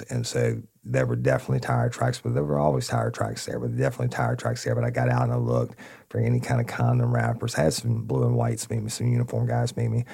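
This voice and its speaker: In a husky, warm bass with vocal fry, this man casually tells listeners about an old police case. Blunt and profane, he addresses them as "y'all" and performs the dialogue from both sides.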